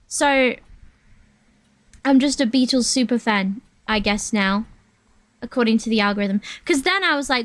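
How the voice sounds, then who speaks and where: A woman's voice: fairly high pitch, normal speed, no room sound. A woman streaming herself at work, chatting casually and rambling through asides. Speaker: VTuber streamer.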